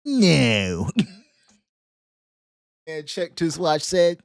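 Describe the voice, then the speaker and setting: A man's voice: lowish voice, animated, a little slow, long pauses, a little mellow, dry recording, clean studio sound. A man, ranting casually about his football team, joking and laughing between slang-heavy jabs. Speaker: sports commentary vlogger. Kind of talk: casual sports rant.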